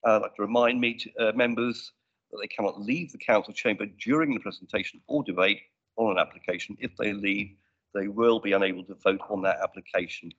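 Male committee chair, brisk procedural delivery on a desk mic in a council chamber, dull lo-fi stream. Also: fairly low pitch, a bit bright, breathy edge. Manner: brisk, businesslike with dry asides. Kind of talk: formal meeting procedure. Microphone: desk microphone.

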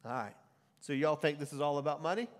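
A middle-aged pastor preaches to his congregation in a fairly high male voice. He swings from booming scripture readings to casual, chatty asides. A long hall reverb trails after his words. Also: quick pace. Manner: animated preaching, quoting scripture loudly, then dropping to a conversational aside. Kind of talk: sermon. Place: church sanctuary before a congregation.

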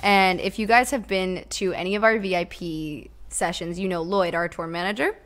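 A woman's voice: on the low side, steady tone, moderate pace, a bit bright. A woman streamer casually chatting with her viewers while playing a game, blunt and talkative, now and then swearing. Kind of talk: casual live-stream chat while gaming.

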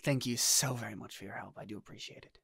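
Casting: man playing a sly sinister schemer, soft low voice, bright and dry. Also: fast talker, breathy edge, dry recording. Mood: smooth. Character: scheming male leader, smooth and sinister.

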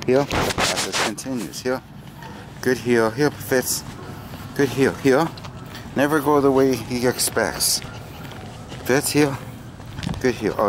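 A man trains a dog outdoors and talks through what he is doing at an unhurried pace. His voice sits fairly low, with clipped commands and raised, sing-song praise. Steady outdoor ambience runs clearly underneath. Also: background noise. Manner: short firm commands mixed with lifted, sing-song praise. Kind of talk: dog training demonstration with commentary.

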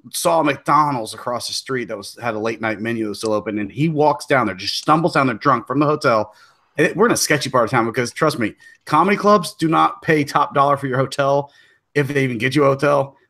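A man's voice: medium pitch, fairly quick, a bit bright. A man who is a comedian, telling a story in a laid-back, rambling way and often restarting his sentences. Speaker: comedian guest. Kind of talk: casual storytelling chat.

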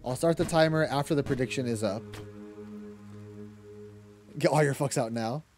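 A man's voice: medium pitch, normal speed, a little mellow, faint music behind. A young man streaming a game, chatting casually, reading chat aloud, laughing often and swearing freely. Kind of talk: casual live-stream chat while gaming.

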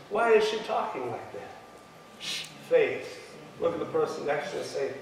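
A male pastor with a very high-pitched, slightly bright voice preaches a sermon at a moderate pace, reading scripture aloud and calling for the congregation to respond. The recording was made from a distance in an echoey church sanctuary.

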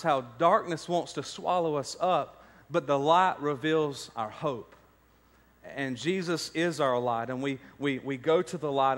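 A man with a fairly high, fairly bright voice preaches in a church sanctuary, where a long reverb tail follows his words. As pastor, he tells stories and climbs to emphatic points.

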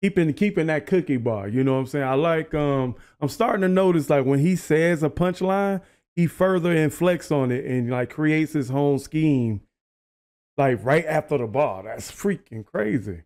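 A man hosting a reaction video, who breaks down rap lyrics in a casual, animated way and repeats the lines he likes. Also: a little high, moderate pace.

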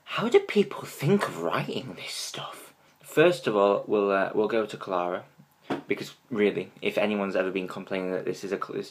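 A man giving a casual fan review of a TV episode, excitable and gushing, with many ums. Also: fairly low pitch, gravelly, breathy edge.

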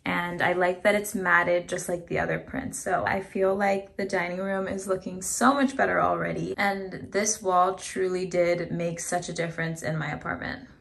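A woman's voice: fairly low pitch, fairly even intonation, normal speed, vocal fry, hardly any pauses, fairly bright tone. A young woman vlogging casually to camera about her apartment, chatty and upbeat, a little congested. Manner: chatty, upbeat, addresses viewers as "you guys". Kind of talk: casual vlog chat to camera. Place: apartment indoors.

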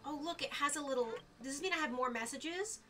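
A young woman streaming a game live, excitable and gushing with delight at her viewers. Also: sits high, quick pace, soft background music.

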